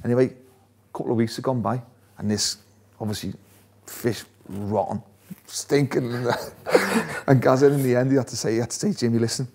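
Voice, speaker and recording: A man's voice: medium pitch, fairly even intonation, normal speed, darkish tone, slightly rough. A man, a former footballer, telling stories in a casual interview, laughing often. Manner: chatty, laughs often, restarts phrases.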